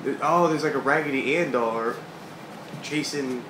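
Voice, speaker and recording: A man's voice: mid-range voice, normal speed. A man casually reading a comic aloud and commenting on it in a laid-back, slangy way. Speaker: comic read-along host. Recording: echoey room with background hiss.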